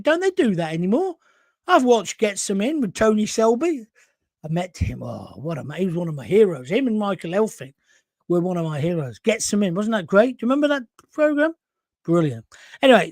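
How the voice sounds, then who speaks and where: A man's voice: high voice, dry recording, studio quality. Ranting sarcastic talk-show man. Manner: ranting, sarcastic, reads out viewer messages. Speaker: show host. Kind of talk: opinionated talk show with viewer comments.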